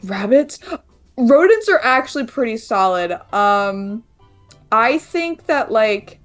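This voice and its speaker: A woman's voice: a little high, sing-song, takes it slowly, faint music behind. A woman playing in a tabletop game, chatting casually with lots of fillers. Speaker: player.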